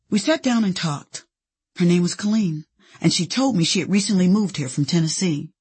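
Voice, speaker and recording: Very husky woman narrating her memoir. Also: on the low side, animated, normal speed, darkish tone. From Indianapolis, USA. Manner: candid, playful, storytelling. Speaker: actress telling her own story.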